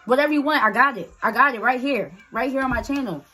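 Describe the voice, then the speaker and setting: A woman with a fairly high voice tells a personal story straight to camera in a casual vlog. She is animated and blunt, swears freely, and acts out what people said. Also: a little fast, faint music behind. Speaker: vlogger telling a personal story.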